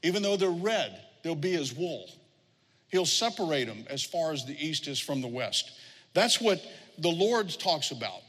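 A middle-aged man delivers a sermon from the pulpit, his voice sitting a little high for a man. He tells stories and slips into the voices of the people he quotes. The sound rings with the long reverb of a large hall. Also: sing-song, moderate pace, fairly bright tone. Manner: storytelling, acts out quoted voices. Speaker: pastor.

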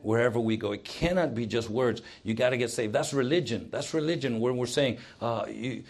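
A man delivering a sermon at a middle pitch. He moves from raised, emphatic exhortation down to quiet, prayerful murmurs. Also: fairly quick, gravelly, few pauses. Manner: emphatic, swings between loud exhortation and hushed prayer. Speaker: preacher.

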